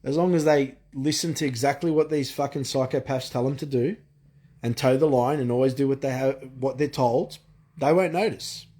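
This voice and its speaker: A man's voice: medium pitch, fairly even intonation, brisk, dark tone, breathy edge. A man delivering a frustrated, profane monologue rant full of restarts. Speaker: vlogger. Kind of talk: ranting monologue.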